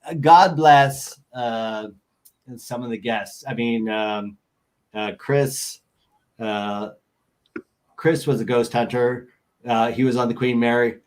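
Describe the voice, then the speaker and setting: A middle-aged man telling a story in an interview, animated and acting out other people's voices. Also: medium pitch, takes it slowly, pauses often, rough recording. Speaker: guest. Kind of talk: storytelling anecdote.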